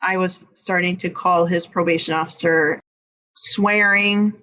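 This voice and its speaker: Woman guest retelling a rough family story, candid, slightly dull lo-fi sound. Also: fairly low pitch, measured pace. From Iowa. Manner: candid, animated retelling with quoted dialogue. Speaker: podcast guest. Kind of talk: emotional personal storytelling.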